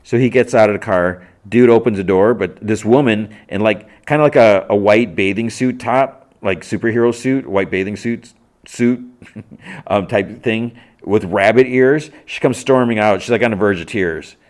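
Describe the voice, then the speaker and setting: Very deep-voiced man recapping casually. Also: normal speed, darkish tone. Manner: loose and rambling, full of "like". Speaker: podcast host.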